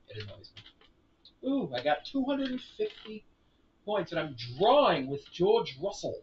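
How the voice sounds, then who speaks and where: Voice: mid-range voice, recorded from a distance, lo-fi sound, slight background noise. A game streamer chatting casually while playing, narrating each move with silly asides. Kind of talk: casual live-stream commentary on own gameplay.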